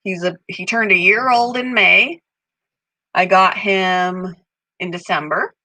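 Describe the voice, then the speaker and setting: A woman hosting a casual live stream from home, chatting with viewers and cooing at her pet parrot in a high voice. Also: takes it slowly, sharp tone, dry recording, rough recording. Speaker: channel host. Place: home room.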